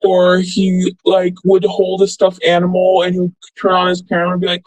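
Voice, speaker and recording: A woman's voice: on the low side, monotone, normal speed, few pauses, darkish tone, dry recording, low-quality recording. A young woman telling a story casually, rambling and filling with "like" and "blah, blah.". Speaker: former friend recounting events.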